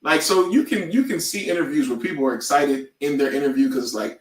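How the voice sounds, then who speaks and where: A man co-hosting a podcast in casual chat, animated and prone to loud outbursts and impressions. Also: on the high side, brisk, hardly any pauses, echoey room, far from the mic. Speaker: podcast co-host.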